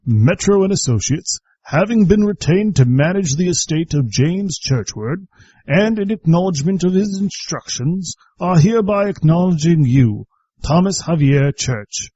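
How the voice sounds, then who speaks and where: A man voicing a formal British male solicitor in a put-on British accent, with slow, pompous legal phrasing. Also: fairly high pitch, dark tone, husky, no room sound, voice pushed up. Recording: dull lo-fi recording.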